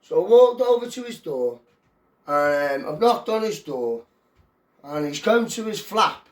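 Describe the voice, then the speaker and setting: A man's voice: on the high side, sing-song, unhurried, far from the mic. A Welsh man telling a story in a casual, rambling, slangy way. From Wales. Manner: rambling, slangy, loose repeated fillers. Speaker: vlogger telling prison stories. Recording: echoey room, away from the mic.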